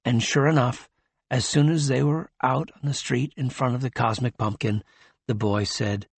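A man reads a novel aloud in a steady, measured way. His voice sits at a middle pitch with a husky grain. The recording is dry and close. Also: no echo. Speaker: audiobook narrator. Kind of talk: scripted narration.

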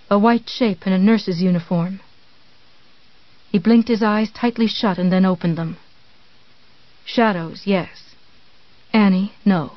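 A woman narrating a thriller novel in a measured, tense storytelling manner with dramatic pauses. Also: mid-range voice, dry recording. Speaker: audiobook narrator. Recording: dull, dry studio read.

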